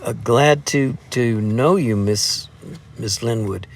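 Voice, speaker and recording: A hearty young farm lad, played by a male narrator, pitched up higher and brighter than the reader's own voice. He calls out good-naturedly but trips over his words when embarrassed. A storybook character read aloud. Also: lively intonation, measured pace. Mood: bashful. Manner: hearty, then stammering and embarrassed. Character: cheerful bashful farm lad, about twenty.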